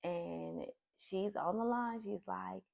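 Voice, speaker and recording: A woman telling a personal story in a casual vlog, blunt and profane, with animated retelling. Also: mid-range voice, slow pace, vocal fry.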